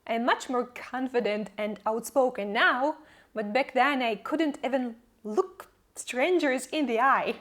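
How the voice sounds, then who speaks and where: Young non-native english speaking woman vlogging her learning story, earnest and measured, slow and high. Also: fairly bright tone. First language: not English. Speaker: English-learning channel host. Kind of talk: scripted personal vlog narration.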